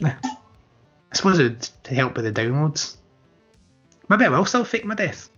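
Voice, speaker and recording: A man co-hosting a podcast, talking in a laid-back and joking way with plenty of swearing. His voice is bright and forward, and it comes through muffled and lo-fi. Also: a little high, very animated, a little slow, slightly rough, soft background music. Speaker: podcast co-host. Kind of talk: casual chat.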